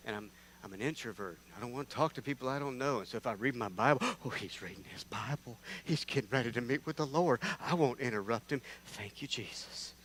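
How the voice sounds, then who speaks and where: A guest preacher in a church sanctuary tells stories in a conversational, self-deprecating way, acting out the characters with big swings in loudness. His voice is mid-range, with slight background noise.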